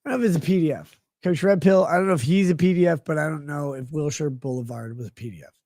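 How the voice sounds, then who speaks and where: A man's voice: fairly high pitch, fast, darkish tone, dry recording. A man hosting a livestream, reading chat messages aloud and rambling in a profane, jokey way. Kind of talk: casual rambling stream chat.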